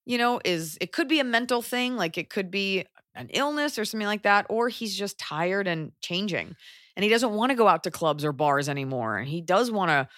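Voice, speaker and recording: A woman co-hosting a podcast, giving casual advice in a rambling, animated way and swearing freely. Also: medium pitch, brisk, no echo, studio quality. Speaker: podcast co-host. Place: Los Angeles area.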